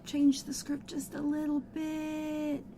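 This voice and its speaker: A woman's voice: high-pitched, completely flat delivery, slow, dark tone, slight background noise. Woman cohost chatting about a tv episode, blunt, jokey, drops a swear here and there. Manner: opinionated, playful. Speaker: podcast co-host. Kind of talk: casual chat recapping a TV episode.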